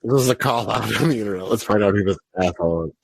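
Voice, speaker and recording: A man hosting a podcast, talking in a laid-back, halting way with many fillers. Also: fairly low pitch, gravelly. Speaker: podcast host. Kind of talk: casual chat.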